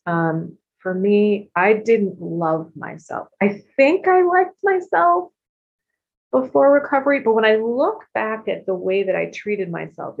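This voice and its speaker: A woman in her fifties sharing her recovery story frankly and expressively, with casual swearing and quick asides. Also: medium pitch, gravelly. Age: 50s. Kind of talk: candid personal testimony. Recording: dull lo-fi recording.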